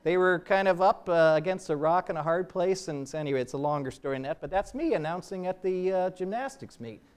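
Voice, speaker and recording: Older male professor, lecture hall Q&A; high, smooth voice, relaxed with joking asides. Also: fairly quick. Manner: relaxed, self-deprecating asides, restarts sentences. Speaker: biology professor giving a lecture. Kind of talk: public lecture and Q&A.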